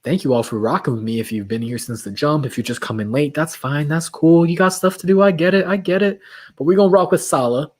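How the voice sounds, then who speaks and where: A man's voice: fairly high pitch, fast talker, darkish tone. A man hosting a late-night livestream, chatting casually with viewers and reading their comments aloud while his voice is getting worn. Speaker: livestream host.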